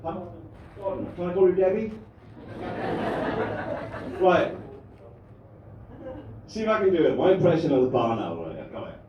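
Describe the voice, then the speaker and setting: Rambling crude stand-up comedian, echoey club. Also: male voice, high-pitched, big pitch swings, brisk, long pauses, muffled recording, noisy background. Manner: rambling, crude, bantering with the crowd. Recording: echoey room, mic from a distance.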